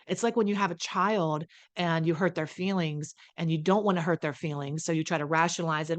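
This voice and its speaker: A low-voiced woman talks at home as a recovery coach. She is blunt and emphatic, swears freely, and acts out the lines of the people she quotes. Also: quick pace, hardly any pauses. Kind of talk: casual direct-to-camera talk.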